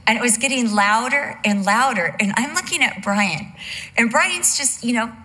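A middle-aged woman teaching in a bright, clear voice that sits a little high. She talks candidly and chattily, slipping in humorous asides as she goes. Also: expressive, moderate pace. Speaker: women's Bible teacher. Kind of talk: conversational teaching message.

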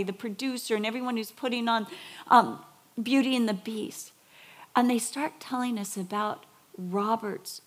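Woman, preacher, sermon storytelling, slightly high voice, animated, hushed emphasis. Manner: animated storytelling, acts out quotes, drops to a whisper for emphasis.

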